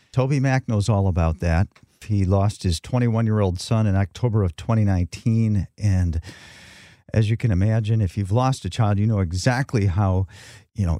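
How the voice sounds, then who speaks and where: A man's voice: on the low side, measured pace, dark tone, dry recording, clean studio sound. A man co-hosting a radio show, introducing a segment in a thoughtful, conversational way. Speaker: radio co-host. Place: radio studio. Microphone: studio microphone.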